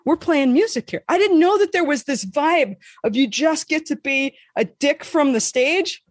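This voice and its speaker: A woman co-hosting a podcast, telling a story in casual chat, animated and swearing freely, acting out the voices she quotes. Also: high-pitched, moderate pace, no echo, studio quality. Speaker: podcast co-host.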